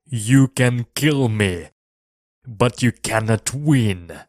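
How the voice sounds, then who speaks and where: A man's voice: mid-range voice, expressive, drawn-out words, no room sound, studio quality. A man voicing an obsessed, commanding old sea captain in a storybook reading, giving stern, barked orders. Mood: grim.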